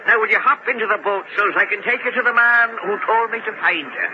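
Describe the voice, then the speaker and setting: An actor playing a sly, teasing Highland boatman who speaks in riddles in an old radio drama. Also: quick pace, close to an everyday voice. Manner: riddling, gruffly playful. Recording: muffled old radio recording with hiss.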